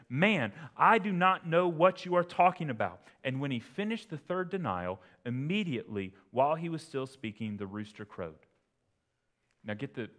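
A pastor giving an expository sermon in a conversational way, breaking into sudden emphatic bursts. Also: male voice, medium pitch, a bit bright.

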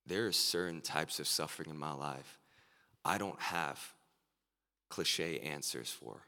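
Very deep gravelly guy preaching a sermon, long hall echo. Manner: earnest, builds to excited emphasis. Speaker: pastor.

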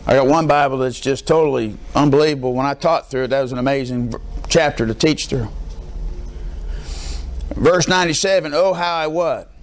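A man's voice: mid-range voice, fairly quick, slight background noise. A middle-aged man preaching as a pastor, emphatic and prompting the congregation with call-and-response questions. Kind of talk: sermon.

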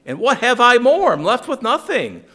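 A preacher slips into a wronged man's voice, high and whining as he protests that his handmade gods were stolen. The complaint comes out loud and indignant, swinging up and down in pitch. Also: very animated, normal speed. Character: aggrieved man robbed of his idols, whiny.

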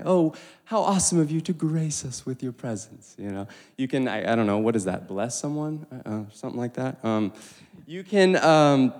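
Man preaching in an echoing hall. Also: on the high side. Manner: animated, with stumbles and asides. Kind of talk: sermon. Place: church hall. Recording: long reverb of a large hall.

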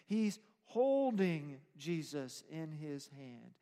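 A man's voice: a little high, unhurried, darkish tone. A man preaching a sermon as pastor, explaining scripture in an emphatic way. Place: church sanctuary. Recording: long reverb of a church hall.

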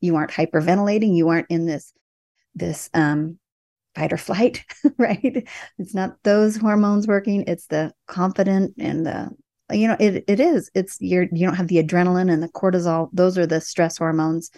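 A woman's voice: lowish voice, normal speed, dry recording. A middle-aged woman talking earnestly and reassuringly in a casual conversation about supporting clients. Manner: earnest, reassuring, animated storytelling. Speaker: birth support worker, guest.

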